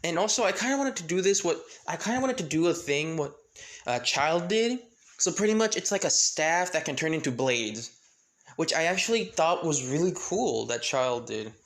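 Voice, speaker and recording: A man's voice: fairly high pitch, expressive, normal speed, a bit bright. A man casually retelling a fan story, rambling with many restarts and filler phrases.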